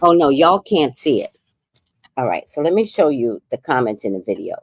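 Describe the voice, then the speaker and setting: A woman's voice: very deep voice, big pitch swings, moderate pace, slightly rough. A woman with a New York accent giving casual, outspoken livestream commentary on a podcast feud. She swears freely.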